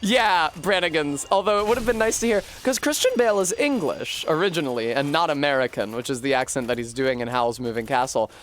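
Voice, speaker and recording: A man's voice: fairly high pitch, expressive, a little fast, few pauses, a bit bright, slight background noise. A man streaming a video game, rambling through profane, joking retellings of a book. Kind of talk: casual gameplay chat.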